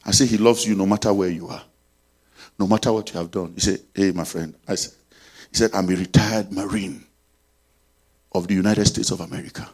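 Husky-voiced man preaching with fervor. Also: sits low, fairly even intonation, fairly quick, pauses often. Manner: emphatic, swings between loud and soft. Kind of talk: sermon with story and prayer.

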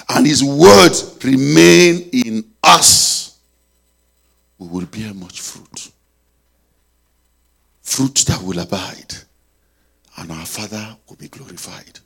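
A man preaching a sermon, telling a story and leading prayer, swinging between loud and soft. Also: on the high side, vocal fry.

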